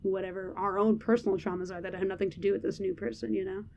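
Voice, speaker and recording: A woman's voice: mid-range voice, little pitch movement, quick pace, creaky, a little mellow, dull audio, slight background noise. A young adult woman co-hosting a podcast, talking candidly in a loose, rambling way full of fillers. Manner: candid, rambling with many "like"s, laughs often. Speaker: podcast co-host. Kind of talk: casual chat.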